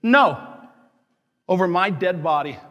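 A man's voice: sits high, animated, a little slow, fairly bright tone. A man, a parish priest, preaching an impassioned sermon full of rhetorical questions and declared righteous anger. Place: large church. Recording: long church reverb.

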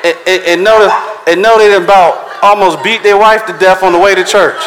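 Pastor, man, conversational sermon style, voice sits a bit high. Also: fairly even intonation, a bit bright, some chatter behind, slight background noise. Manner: conversational preaching, reads scripture slowly.

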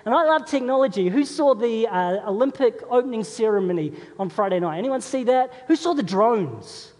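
A man's voice: very high voice, animated, moderate pace, darkish tone. A man, a pastor, preaching a sermon in a conversational, storytelling way and putting questions to his congregation. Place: church. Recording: long reverb of a large hall.

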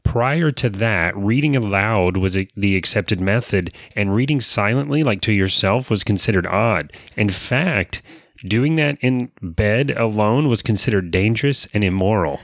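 A man's voice: fairly low pitch, animated, unhurried, no echo, clean studio sound. A man co-hosting a casual podcast, talkative and self-deprecating, with frequent fillers and restarts. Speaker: podcast co-host.

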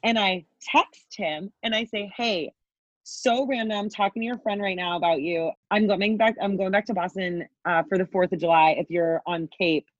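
Frank woman podcast guest in her twenties, swears freely, lowish voice on a dull dry recording. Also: moderate pace, hardly any pauses, dry recording. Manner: candid, swears freely, acts out quotes. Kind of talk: casual storytelling.

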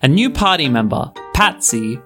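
A narrator reading a scripted recap of a previous session in a measured storytelling delivery. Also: medium pitch, sing-song, a bit bright. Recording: narration over guitar music.

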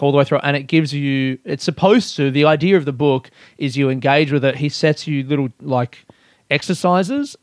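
A young man hosts his own podcast, chatting loosely and rambling, swearing and laughing at himself along the way. His voice sits in the mid range and sounds smooth, with a clean studio recording and no room sound.

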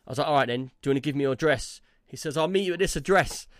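A man's voice: on the high side, racing, no echo, clean studio sound. A man, a podcast co-host telling a rambling story in casual chat, tagging his lines with "yeah?" and "like".

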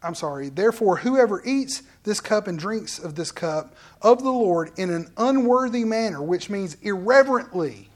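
A pastor preaching a midweek sermon in a conversational way, jumping from loud exclamations to soft, hushed asides. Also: mid-range voice, lively intonation, normal speed, few pauses.

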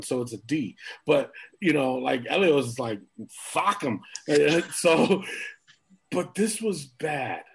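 A man co-hosting a wrestling review podcast, animated and incredulous, swearing freely as he rants. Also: fairly high pitch, creaky, slightly rough. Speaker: podcast co-host. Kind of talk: casual wrestling review chat.

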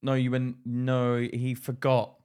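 A man's voice: mid-range voice, completely flat delivery, slow pace, a little mellow, clean tone. A man co-hosting a podcast, teasing and arguing playfully in casual chat. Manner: teasing, argumentative banter. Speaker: podcast co-host.

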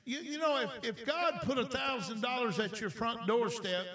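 A preacher with a high voice delivers a live broadcast sermon, urging listeners on and repeating his points. He slips in playful asides. The sound is roomy and picked up from a distance. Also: normal speed, pushed and bright. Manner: exhorting, repetitive, joking asides to listeners.

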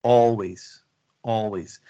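Slow, laughing male co-host. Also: lowish voice, fairly even intonation, warm tone, clear, resonant tone, lo-fi sound. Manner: joking, laughs a lot. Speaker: podcast co-host. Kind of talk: casual chat.

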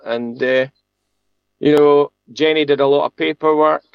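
A man's voice: medium pitch, steady tone, creaky, clean tone, no room sound, lo-fi sound. Chatty man telling a tale. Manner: chatty, halting, laughs often, many restarts. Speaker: sheep farmer and guest. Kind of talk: casual storytelling interview.

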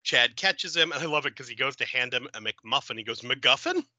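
Bright, animated male podcast host. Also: mid-range voice, brisk, dry recording, poor audio. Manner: animated, giggly storytelling. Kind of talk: casual film review chat.

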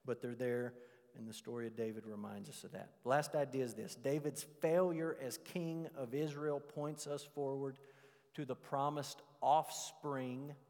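A man, a pastor preaching a sermon with animated emphasis, stretching out words he wants to stress. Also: mid-range voice, unhurried, long reverb tail.

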